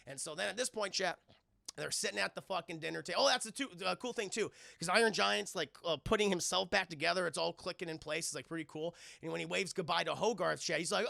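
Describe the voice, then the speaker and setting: A young man recapping a film scene by scene for a live chat, swearing freely and chatty throughout. His voice is high for a man and heavily gravelly, and it sits close and dry. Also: pushed and bright, no echo. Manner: rambling, crude, chatty. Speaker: streamer and film reviewer. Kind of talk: casual profane scene-by-scene recap.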